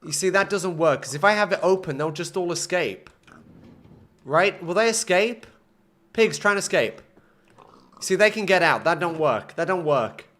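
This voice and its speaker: Excitable young man streaming a game. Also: sits high, moderate pace, pauses often. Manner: excitable, self-mocking, swings between frustration and laughter. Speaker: gaming streamer. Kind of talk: live gameplay commentary.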